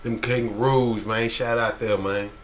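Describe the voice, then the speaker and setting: A man hosts a laid-back podcast and talks in an excited, slangy way. His voice sits at an ordinary middle pitch, with his energy carrying every line. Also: unhurried, slight background noise. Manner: hype, slangy, shouting out. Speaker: podcast host. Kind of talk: casual podcast chat.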